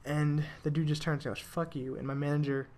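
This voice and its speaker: A man's voice: on the high side, little pitch movement, fast talker, darkish tone. A young man telling rambling work stories in casual commentary over a video game, with restarts and the odd swear. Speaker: gaming commentator.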